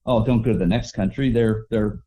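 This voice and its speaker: A relaxed overland traveler, appearing as a guest in a casual storytelling interview, rambles along with restarts and acted-out quotes. His voice is dark, mellow, and lowish, and he talks a little fast.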